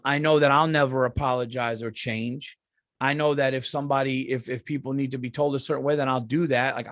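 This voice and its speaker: A man's voice: mid-range voice, no echo, studio quality. A middle-aged man, a comedian hosting his podcast, ranting in a casual, profane monologue and often repeating himself.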